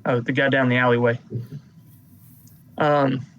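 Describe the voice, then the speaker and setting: A man running a tabletop game as game master, narrating combat turns at an unhurried pace. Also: mid-range voice, little pitch movement, fairly bright tone, dull audio, slight background noise.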